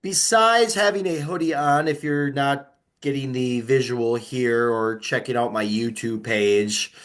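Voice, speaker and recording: A man's voice: a little slow, fairly bright tone. Nasal congested man hosting a podcast. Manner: upbeat salesy pitch, clears throat. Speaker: podcast host and coach. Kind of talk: casual podcast talk with sponsor reads.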